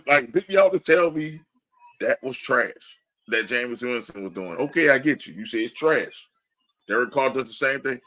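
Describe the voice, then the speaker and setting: A man's voice: mid-range voice, expressive, unhurried, a bit bright, poor audio. A man co-hosts a casual sports podcast in a mid-range voice. He talks animatedly, laughs often, and slips into mocking impressions of fans. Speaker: podcast co-host.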